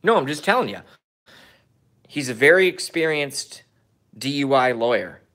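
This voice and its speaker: A man ranting fast and bluntly. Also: sharp tone. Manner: rapid, blunt, swearing, lower than his put-on voice. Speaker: vlogger. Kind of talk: casual rant to camera.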